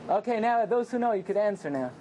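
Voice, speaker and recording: Male class teacher, lively and questioning, faint room noise. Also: high-pitched, quick pace. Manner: animated, questioning the audience and joking. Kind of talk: lively evening Torah class to a live group. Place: small room with a live audience.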